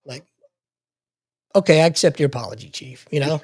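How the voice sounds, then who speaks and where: A man's voice: fairly high pitch, animated, very fast, no echo, clean studio sound. Profane man telling a story. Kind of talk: casual storytelling chat.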